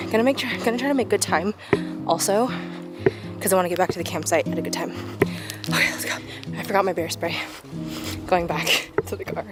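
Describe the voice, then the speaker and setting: A young woman chatting casually to the camera while hiking outdoors, rambling with lots of fillers. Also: fairly low pitch. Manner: chatty, rambling with many likes. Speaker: vlogger. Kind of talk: casual vlog talk to camera. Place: outdoors on a mountain hiking trail. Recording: vlog footage with background music. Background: music, outdoor ambience.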